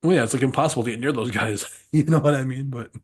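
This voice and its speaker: Husky, quick-talking man; loose, swearing podcast raconteur. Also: mid-range voice. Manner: rambling and animated, laughs often, swears freely. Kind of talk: casual storytelling chat.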